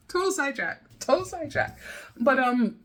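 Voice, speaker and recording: A woman's voice: sits high, sing-song, unhurried, pushed and bright. A young American woman telling a rambling story in a casual vlog, full of fillers, restarts and laughter. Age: young adult. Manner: rambling, laughing, with many fillers and self-interruptions. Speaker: vlogger.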